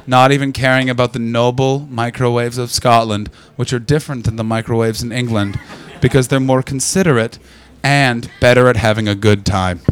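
Canadian male stand-up, crude and loud crowd work, club set. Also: medium pitch, steady tone, moderate pace, hardly any pauses. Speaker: stand-up comedian. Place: comedy club.

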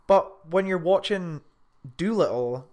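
A man chatting casually, animated and sweary as he rants about a film. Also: high voice, slow. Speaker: film podcast co-host. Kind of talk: casual chat.

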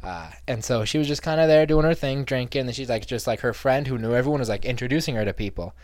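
A young man in casual conversation who tells stories with lots of fillers and playful quoted voices. His mid-pitched voice sounds close and dry, with no room echo. He rambles happily between tangents. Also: fast, a little mellow. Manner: chatty storyteller, acts out quoted voices. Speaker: podcast co-host. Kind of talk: casual chat.

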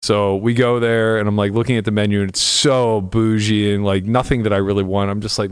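A man's voice: lowish voice, steady tone, quick pace, few pauses, clear, resonant tone, no echo, studio quality. A man in his forties hosting a podcast, telling stories in casual chat with lots of swearing and laughter. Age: 40s. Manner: profane, laughing storyteller. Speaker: podcast host.

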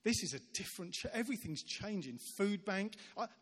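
A man giving a sermon as a visiting preacher, telling stories in an animated way and acting out the voices of the people in them. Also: high-pitched, a little fast. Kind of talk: sermon storytelling. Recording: long reverb of a large church hall.

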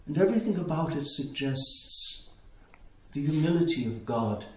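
A man preaching a sermon as a priest, in a slow, contemplative way with long pauses. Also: fairly high pitch, very animated, a little mellow. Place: church. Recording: echoey church interior.

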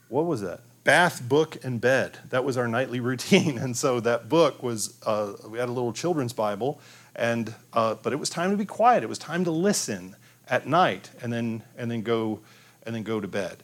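A man's voice: mid-range voice, fairly bright tone. A man preaching a conversational sermon on raising children, often restarting his sentences and acting out the cries of children. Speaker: pastor.

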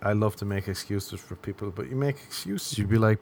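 A man's voice: on the low side, fairly quick, gravelly, a little mellow. A man with an Irish accent hosting his own podcast, rambling through a self-mocking comic monologue and slipping into acted inner voices. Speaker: podcast host.

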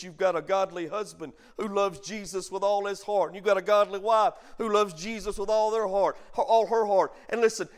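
A middle-aged man preaching a sermon as pastor, calling the congregation to answer and telling a folksy family story. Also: sits high. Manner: preaching with call-and-response, bursts of emphasis.

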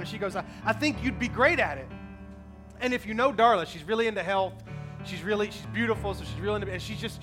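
A man in his thirties preaching a sermon, telling personal stories in an emotional, conversational way. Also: very high voice. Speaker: pastor.

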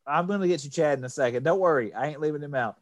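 A man's voice: a little high, rapid-fire, no echo. A man hosting a casual podcast, reading out box office figures in a jokey way. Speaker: podcast host. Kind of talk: casual chat.

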